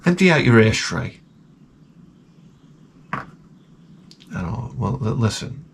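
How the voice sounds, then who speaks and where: A man hosting his vlog, telling a profane comic story in an animated rant full of stammered restarts. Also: fairly low pitch, slow, creaky, slight background noise. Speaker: vlogger host.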